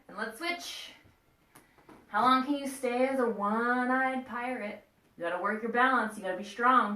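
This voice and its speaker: A woman's voice: on the high side, normal speed, sharp tone. A playful woman leads a children's yoga lesson in an encouraging, teacherly voice. Her voice rings in a roomy, echoing space. The mic sits some way from her. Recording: echoey room, mic at a distance.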